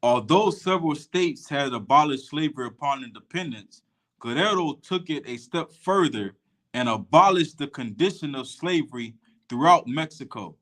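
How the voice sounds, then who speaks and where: A man reading a history text aloud and stopping to comment on it, slowing down and stumbling over foreign names. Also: on the high side, lively intonation, a bit bright.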